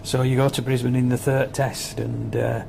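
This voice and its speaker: A man's voice: medium pitch, flat delivery, normal speed, creaky. A man interviewing a guest, asking brief prompting questions. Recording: noisy, off-mic.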